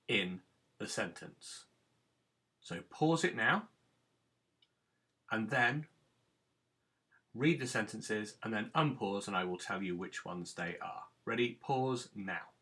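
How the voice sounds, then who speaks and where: A man's voice: fairly low pitch, pushed and bright. A man teaching a recorded phonics lesson to children, patiently sounding out words. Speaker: primary school teacher.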